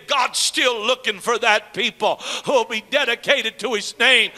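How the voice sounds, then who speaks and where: Preacher, man, very high tense voice, fiery sermon that jumps from shouting to quiet chat with the congregation. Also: moderate pace, hardly any pauses, a faint crowd. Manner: swings between shouted proclamation and low conversational asides; calls out to the congregation.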